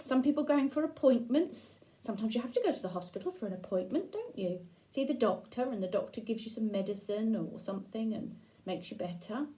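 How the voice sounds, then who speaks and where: A woman's voice: a little high, expressive, brisk, dark tone, poor audio. An older woman reading a picture book aloud to children, asking them questions and pointing at the pictures. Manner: interactive, asks listeners questions and points at pictures. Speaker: storyteller grandmother.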